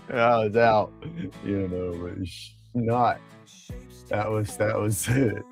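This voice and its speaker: A man's voice: fairly low pitch, steady tone, slow, creaky. A middle-aged man, chatting casually on a livestream, rambling and laughing often. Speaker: livestream host. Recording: faint music behind.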